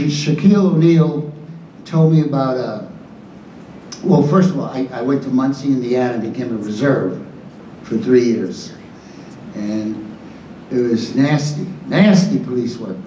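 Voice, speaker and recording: A man in his seventies, speaking in a warm, mid-range voice, tells a rambling, chatty story as a guest on a convention panel, frequently restarting his sentences. The large convention hall sounds roomy, with a distant mic and a faint hum.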